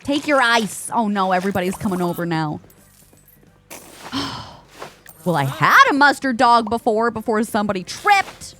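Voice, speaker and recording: A woman's voice: mid-range voice, sing-song, moderate pace, bright, forceful tone, faint music behind. A young woman streaming a game live, chatting away to the game's characters and greeting her viewers. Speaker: Twitch streamer. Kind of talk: live gameplay chat.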